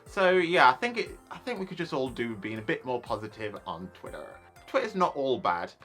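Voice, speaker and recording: Chatty young guy, bright tone. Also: medium pitch, very animated, a little fast, faint music behind. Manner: chatty, lots of likes and you knows. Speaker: YouTuber. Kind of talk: casual vlog rant.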